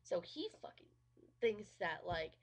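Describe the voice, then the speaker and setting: Unhurried but very animated, a woman with a lowish, slightly breathy voice gives a casual film review. She's sarcastic and profane throughout, using "like" constantly.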